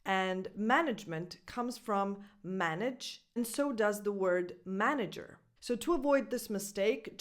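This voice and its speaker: A woman teaching English pronunciation who repeats each word slowly and deliberately, marking the stressed syllable. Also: medium pitch. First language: Italian. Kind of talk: pronunciation lesson.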